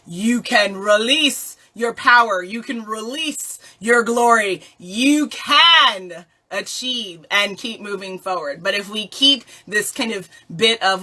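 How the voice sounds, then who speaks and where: A woman coaching listeners in a motivational talk, playful and animated, often asking rhetorical questions and laughing. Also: mid-range voice, slow pace. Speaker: life coach.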